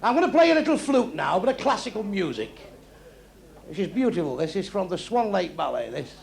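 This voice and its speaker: A man's voice: high voice, big pitch swings, a little fast, gravelly. An older man doing a crude, blunt stand-up routine on a nightclub stage, heckling his band between jokes. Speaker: stand-up comedian. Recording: live club show with loud crowd. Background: audience laughing.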